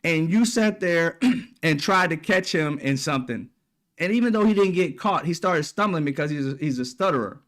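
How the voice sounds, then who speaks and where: A man's voice: a little high, animated, moderate pace, fairly bright tone. A man, a commentary channel host, giving a blunt, profane, heated opinion rant straight to the camera. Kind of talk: ranting opinion monologue.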